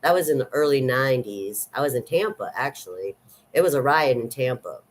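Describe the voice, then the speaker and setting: A woman's voice: extremely low pitch, expressive, brisk, slight background noise. A woman in her fifties speaks with a Southern accent. She rambles chattily to her vlog viewers and keeps circling back with ums and half-finished thoughts. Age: 50s. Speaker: vlogger. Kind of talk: casual chat.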